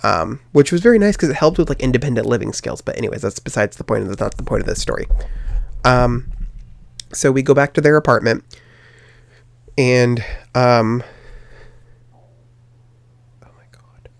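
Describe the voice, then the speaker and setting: A man's voice: medium pitch, animated, normal speed, vocal fry, no room sound. A young man hosting a podcast, telling a personal story in a rambling way, with many fillers and restarts. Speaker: podcast host.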